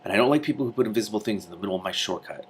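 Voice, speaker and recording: Man voicing a grumpy dragon, gruff, husky, storybook read-aloud. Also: lowish voice, animated, racing. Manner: gruff, belligerent.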